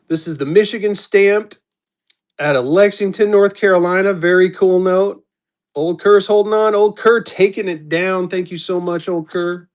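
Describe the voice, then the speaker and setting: A man's voice: sits high, unhurried, clean tone. A man hosting a live-stream auction, chatting casually and calling out bidders as they come in. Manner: upbeat, chatty, calls out bidders.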